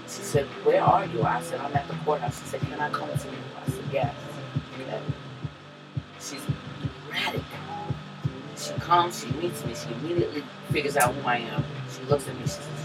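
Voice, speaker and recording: A woman co-hosting a podcast, telling a personal story in a loose, profane, animated way and laughing often. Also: low-pitched, normal speed, distant mic, loud music behind the voice, rough recording. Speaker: podcast co-host. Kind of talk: casual storytelling chat.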